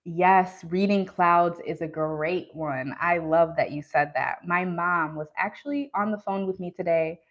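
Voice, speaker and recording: A woman's voice: fairly low pitch, measured pace, hardly any pauses, lo-fi sound. A woman hosting a live tarot stream, talking casually and earnestly to her viewers about spiritual practices, with frequent ums and you-knows. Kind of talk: casual live-stream talk answering chat.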